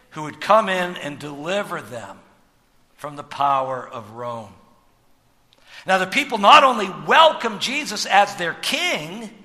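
A man preaching a sermon as pastor, emphatic, posing rhetorical questions and swinging sharply between loud and soft. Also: very high-pitched. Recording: long hall reverb.

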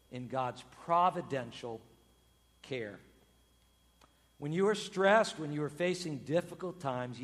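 A pastor tells a story in his sermon, swinging animatedly between loud exclamations and hushed, slow emphasis. His voice is high, and a long reverb tail follows it.

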